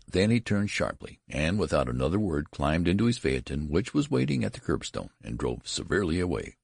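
A man narrating a classic story as an audiobook, with measured, expressive storytelling. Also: very deep voice, gravelly, slightly rough, no echo, studio quality.

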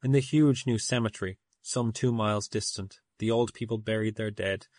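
A man narrates a classic tale at a measured, steady pace, his voice sitting low. The recording is close and dry, with no room sound at all. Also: no room sound. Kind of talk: audiobook story narration.

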